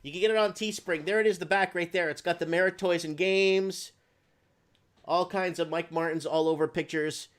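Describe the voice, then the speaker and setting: A man's voice: high-pitched, steady tone, normal speed, fairly bright tone. A man hosting a casual chat, talking in a rambling, loose, slangy way. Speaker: host.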